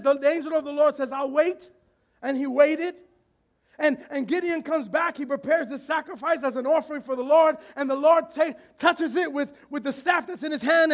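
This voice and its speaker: A man preaching a sermon as pastor, animated, often shouting and laughing while acting out voices from the story. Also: extremely high pitch.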